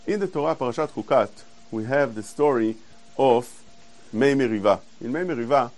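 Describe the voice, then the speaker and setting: A man giving a Torah class, explaining verses earnestly and quoting Hebrew quickly. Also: mid-range voice, a little mellow, low-quality recording. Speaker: Torah teacher.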